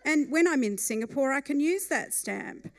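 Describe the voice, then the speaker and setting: A woman voicing an agitated older man, a disbarred litigant, pleading and growing loud as he argues his case. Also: extremely high pitch, animated, normal speed, voice pushed up. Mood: earnest protest. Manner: pleading, increasingly shouting.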